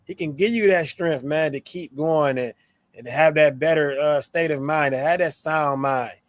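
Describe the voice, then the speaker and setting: Slangy dude, higher voice, animated scripture chat, dry close mic. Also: male voice, moderate pace, no echo. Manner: animated, slangy, playful tones when quoting. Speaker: co-host of a scripture show. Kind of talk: casual religious discussion.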